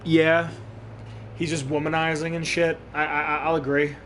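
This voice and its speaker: A man's voice: a little high, level tone, moderate pace, a bit bright. A young man streaming a game, chatting casually and rambling with plenty of swearing and restarts. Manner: rambling, profane, thinks aloud with restarts. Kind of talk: casual live-stream chat while gaming. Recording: clear background noise.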